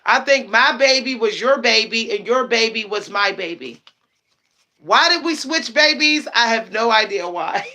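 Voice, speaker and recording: A woman's voice: fairly high pitch, animated, unhurried, pushed and bright. A young woman chatting casually on a livestream as a psychic, laughing often and repeating herself for emphasis.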